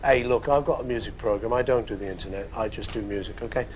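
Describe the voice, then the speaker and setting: A man's voice: lowish voice, fast, a little mellow, a little hiss or hum, poor audio. A man in his fifties with a Liverpool accent answers fan questions in a casual studio webcast, chatty and joking with wandering asides. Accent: Liverpool English. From England. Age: 50s.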